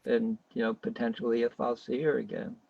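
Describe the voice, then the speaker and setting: A middle-aged man speaking on a video call, talking fast and matter-of-fact about personal news. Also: medium pitch, level tone, vocal fry, slightly rough, dry recording. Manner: rapid, matter-of-fact speech. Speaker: performer sharing a song. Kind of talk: casual chat on a video call. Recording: muffled, dry video call audio.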